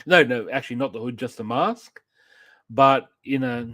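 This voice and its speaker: A man co-hosting a live online show talks casually and piles on praise. His voice sits at an ordinary middle pitch. The recording is dry and close, with no room echo. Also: moderate pace, sharp tone. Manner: effusive, gushing praise. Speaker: co-host. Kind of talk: casual pop-culture chat.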